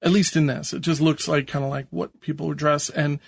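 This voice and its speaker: A man's voice: a little high, little pitch movement, a little fast, creaky, slightly rough. Hesitant man podcast co-host. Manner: hesitant, many ums, self-deprecating laughs. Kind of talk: casual podcast chat.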